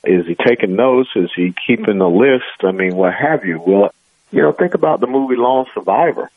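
A man's voice: lowish voice, expressive, normal speed. A man as a radio interview guest, talking in an emphatic, earnest way over a phone line.

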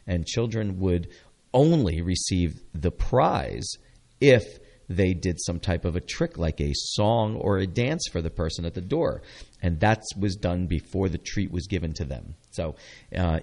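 A middle-aged man with a very deep voice hosts a local radio show. He rambles casually between topics, sprinkling in fillers and restarts. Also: a little mellow. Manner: rambling, chatty, with many fillers. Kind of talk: casual chat.

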